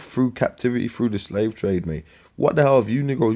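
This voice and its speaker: A man preaching scripture in a profane, scornful rant, with slang, repeated words and sudden loud outbursts. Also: mid-range voice, expressive, brisk. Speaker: street preacher.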